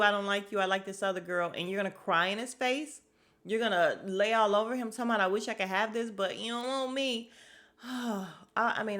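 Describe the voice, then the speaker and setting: A young woman from Chicago hosting a podcast, giving a blunt, sassy recap of a reality dating show and talking straight to her listeners. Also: mid-range voice. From Chicago, USA. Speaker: podcast host.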